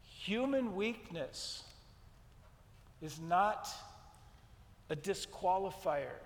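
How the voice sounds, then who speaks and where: A man preaching a sermon in a high, ringing voice that carries a long hall reverb. He is emphatic, driving points home by repeating them and acting out scripture scenes. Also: expressive, drawn-out words. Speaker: pastor.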